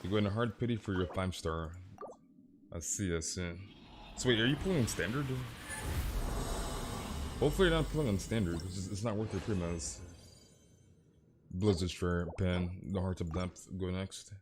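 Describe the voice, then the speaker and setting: A man's voice: low voice, moderate pace, long pauses, noisy background. A man with an American accent hosting a live game stream, upbeat and greeting viewers in chat by name. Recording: game music playing behind. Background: game music.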